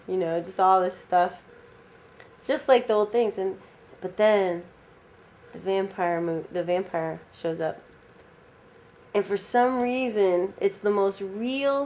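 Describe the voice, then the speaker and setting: A woman telling an original vampire story aloud in a casual, animated, rambling way, with many fillers. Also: fairly low pitch.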